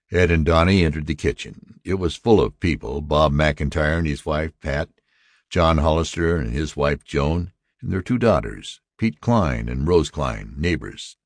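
A man reading a story aloud as narrator, measured and steady. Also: very deep voice, no echo, studio quality. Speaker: audiobook narrator. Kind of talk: scripted narration.

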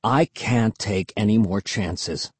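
A man voicing a grim, stern middle-aged father who speaks low and firm. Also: slow pace, slightly rough, no room sound.

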